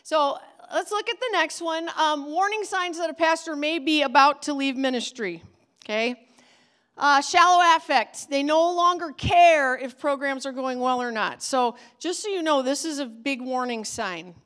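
A woman's voice: high-pitched, normal speed, fairly bright tone. A woman giving an earnest, emphatic teaching talk to children's pastors in a conversational way. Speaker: ministry trainer for children's pastors.

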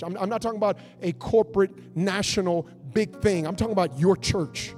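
A man preaching a fervent sermon in a church, swinging between loud build-ups and hushed passages. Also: sits high. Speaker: pastor.

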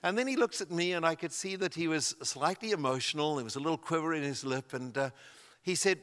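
Male preacher, slightly higher voice, storytelling sermon, long hall reverb. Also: a bit bright. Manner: anecdotal, halting with restarts.

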